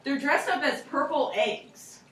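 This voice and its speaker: A young woman teacher telling a playful, animated story to a class of children, recorded from far away in an echoey classroom. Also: high voice, a little slow, a little hiss or hum. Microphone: distant recorder.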